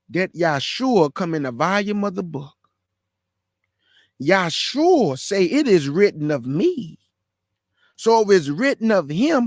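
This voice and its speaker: Fervent high-voiced man preaching. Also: no room sound, clean studio sound. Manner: fervent, exclaims and calls out to listeners. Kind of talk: fervent scripture reading and preaching.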